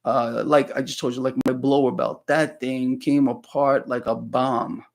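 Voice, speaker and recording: A man's voice: mid-range voice, level tone, a little slow. A man hosting live financial commentary, ranting bluntly at his viewers and calling them "people," with lots of repeated words and restarts. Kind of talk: live solo market commentary.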